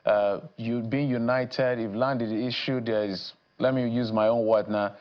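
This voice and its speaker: A man's voice: mid-range voice, steady tone, normal speed, lo-fi sound. Nigerian male host asking pointed questions. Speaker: TV news host. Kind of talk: moderating a panel discussion.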